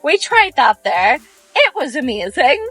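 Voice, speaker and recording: A woman's voice: sits high, sing-song, a little slow, fairly bright tone, faint music behind, poor audio. A woman chatting to camera from inside a car, gushing and laughing as she talks about a diner. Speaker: travel vlogger. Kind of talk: casual chat to camera.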